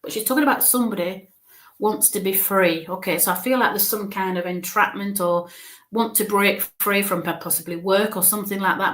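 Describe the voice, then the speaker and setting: A woman medium relays impressions in a live reading with a mid-range voice. She talks haltingly, often breaks off to search for a word, repeats herself and keeps checking in with the listener. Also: mid-range voice, fairly even intonation, a bit bright. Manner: searches for words mid-sentence. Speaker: spiritualist medium.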